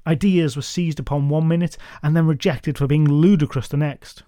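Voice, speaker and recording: Male podcast narrator, myth retelling, wry and chatty, mellow tone, dry close mic. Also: fairly high pitch, fairly even intonation, moderate pace, no echo. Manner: wry, conversational, does character voices. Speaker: podcast storyteller.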